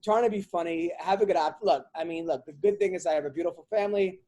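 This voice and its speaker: A man hosting a podcast, a comedian talking in a casual chat and venting in an animated, rambling comic way with lots of restarts. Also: high voice, fast.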